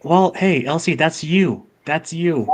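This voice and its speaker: A man's voice: a little high, slow. A man who is a first-time guest on a livestream, talking hesitantly with stammers and restarts in a friendly way. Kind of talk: casual livestream chat.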